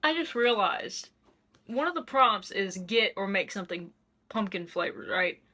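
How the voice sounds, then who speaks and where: A woman's voice: medium pitch, animated, unhurried, bright, forceful tone. Chatty young Tennessee woman. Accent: Tennessee Southern. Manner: chatty, self-mocking, rambling asides. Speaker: book vlogger. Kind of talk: casual vlog chat. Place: home kitchen.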